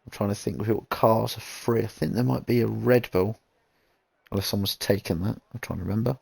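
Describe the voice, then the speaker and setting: Gravelly low-voiced race commentator man. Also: fairly quick, darkish tone, no room sound. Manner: easygoing, rambling, reads chat messages. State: recovering from a kidney infection. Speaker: sim racing league commentator.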